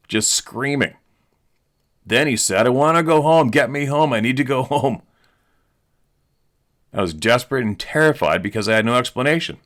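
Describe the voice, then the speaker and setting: A male host reading a listener's eyewitness letter aloud in an earnest, steady storytelling manner. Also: on the low side.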